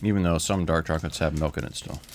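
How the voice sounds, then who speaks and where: A man's voice: very deep voice, steady tone, quick pace, slight background noise. A man co-hosting a casual podcast, joking, teasing and swearing while tasting snacks. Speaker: podcast co-host.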